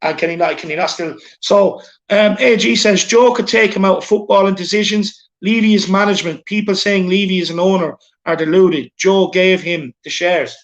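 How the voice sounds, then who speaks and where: A man with an Irish accent and a notably high voice hosts a casual live stream, recorded on a phone. He talks in a chatty, repetitive way and keeps calling people "lad" and "my man.". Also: normal speed, hardly any pauses, highs cut off. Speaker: show host reading super chats.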